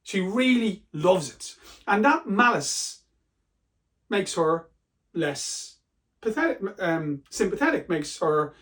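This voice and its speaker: A man's voice: high voice, sing-song, takes it slowly, pauses often, fairly bright tone. A man teaching a literature lesson in a conversational, emphatic way, reading quoted lines aloud with feeling. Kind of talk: exam-prep literature lesson.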